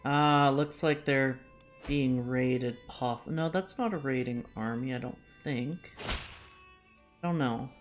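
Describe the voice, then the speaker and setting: Woman streamer, low voice, chatty play-by-play, thinks out loud, faint music under her. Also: slow. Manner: self-deprecating, jokey asides. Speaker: VTuber streamer. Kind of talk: live game-stream commentary.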